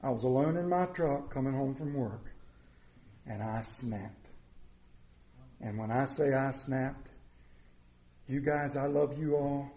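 A man preaching a candid, humorous sermon, swinging from loud jokes to quiet confession. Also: mid-range voice, roomy sound. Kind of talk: conversational sermon.

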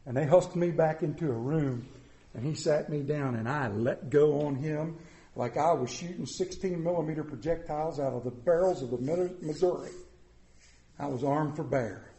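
Man, preacher, high pitch, humorous, candid sermon, echoey room. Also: normal speed. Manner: candid, humorous, swings from loud to quiet. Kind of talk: conversational sermon.

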